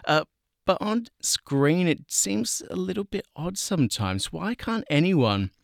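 A man with an Australian accent hosting a relaxed radio interview, chatty and jokey, with plenty of fillers. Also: high-pitched, unhurried, creaky, no echo, clean studio sound. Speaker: radio host. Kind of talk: casual interview.

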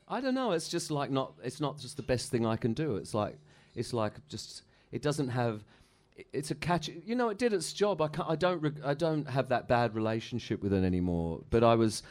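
A man's voice: mid-range voice, big pitch swings, normal speed, hardly any pauses, a little mellow. A middle-aged musician telling rambling, profane stories in a casual interview, laughing at his own anecdotes. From Australia. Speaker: musician guest.

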